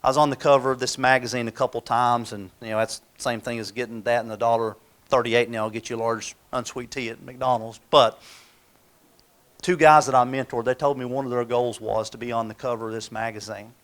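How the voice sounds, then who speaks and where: This middle-aged man, a motivational speaker, talks live in a folksy storytelling style, performing the quoted voices of his characters. His pitch is medium and moves little, the tone fairly bright, the pace a little fast.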